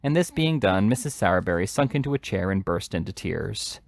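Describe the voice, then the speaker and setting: A man reading a classic novel aloud in steady, measured narration. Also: low voice, creaky, no room sound, studio quality. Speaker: hobby reader.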